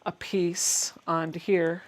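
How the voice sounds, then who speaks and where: A woman's voice: lowish voice, level tone, slow, noisy background. A woman hosting a casual sewing livestream, chatty and laughing often as she explains each step while she works. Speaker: quilting channel host.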